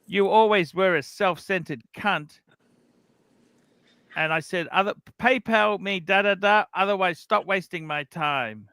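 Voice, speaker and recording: A man's voice: high-pitched, unhurried, fairly bright tone, smooth, no room sound. A man hosting a casual livestream, animatedly retelling a feud. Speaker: livestream host.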